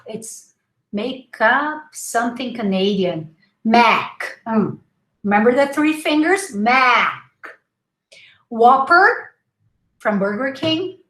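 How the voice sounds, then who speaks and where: A woman whose first language is Portuguese, teaching English pronunciation in a live online class and slowly repeating each word for her students. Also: fairly high pitch, sharp tone. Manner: drills words slowly and repeats them. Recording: echoey room.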